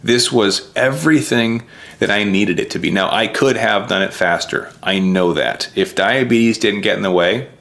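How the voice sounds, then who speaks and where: A man's voice: fairly low pitch, normal speed, creaky, a bit bright. A man giving a heartfelt, earnest recap of his race that sometimes chokes with emotion. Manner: earnest, heartfelt, voice choking up at times. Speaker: vlogger.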